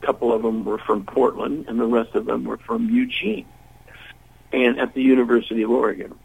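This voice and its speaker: An older man, a musician and interview guest, telling a long anecdote in a lively way and acting out the voices of the people in it. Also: medium pitch, brisk, vocal fry, husky, poor audio. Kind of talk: storytelling in an interview.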